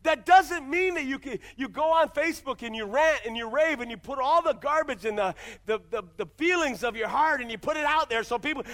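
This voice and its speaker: Very high-voiced, bright male preacher. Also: fairly quick, hardly any pauses. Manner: emphatic preaching with repeated rhetorical questions. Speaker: pastor. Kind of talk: sermon. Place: church.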